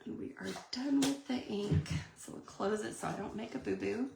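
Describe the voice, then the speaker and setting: A woman's voice: mid-range voice, normal speed, creaky, background noise. A woman, chatting through a live card-making demonstration and answering viewer comments. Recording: echoey room.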